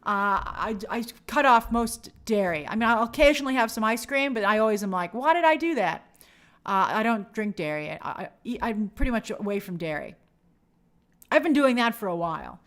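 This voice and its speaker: A woman's voice: medium pitch, lively intonation, fairly quick, fairly bright tone. A woman hosting a livestream, chatting casually and reading viewer comments aloud in an upbeat way. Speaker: host reading live chat.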